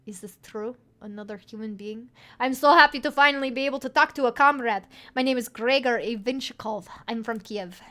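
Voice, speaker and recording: Woman doing a cheerful Soviet man in an alien body, put-on Russian accent, loud and eager, video game. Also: a little high, a little fast, few pauses. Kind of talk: reading a video game character aloud.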